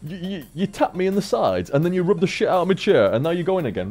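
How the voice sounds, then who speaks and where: Faint music plays behind a young man streaming from his home room into a studio microphone on a desk stand. His voice is fairly high, animated, fast and a bit mellow as he rambles, swears freely and addresses his cat.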